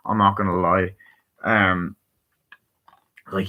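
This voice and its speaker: A tired man gives a casual spoken review of a movie, rambling and swearing with plenty of fillers and restarts. His voice is lowish and sharp in tone, moving at a moderate pace.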